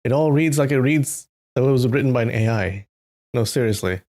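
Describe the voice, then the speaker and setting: With a brisk delivery and a mid-range voice, this man reads a novel aloud on his live stream. He keeps things chatty, says hello to chat members by name, and tosses in animated remarks.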